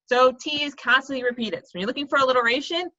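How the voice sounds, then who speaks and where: Woman teacher, kids' video lesson, high bright voice, playful, slightly dull lo-fi sound. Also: quick pace. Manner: playful, tripping over tongue twisters.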